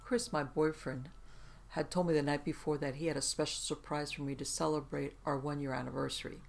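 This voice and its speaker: A gravelly, fry-edged narrator in the middle of the pitch range, reading first-person tales aloud at a steady pace. The delivery stays even from line to line. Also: fairly quick, a little hiss or hum. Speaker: storyteller.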